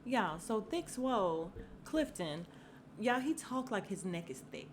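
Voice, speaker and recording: A woman's voice: fairly high pitch, very animated, a little slow, a little hiss or hum. A woman hosting a casual podcast, recapping a reality show with candid, sassy commentary and frequent laughs. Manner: candid, sassy, laughs often, quotes people in voices. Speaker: podcast host.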